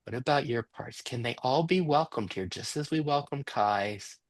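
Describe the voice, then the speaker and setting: A man facilitating a workshop, guiding the group with soft, slow, questioning prompts over a video call. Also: mid-range voice, lively intonation, no echo. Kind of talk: guided reflective facilitation.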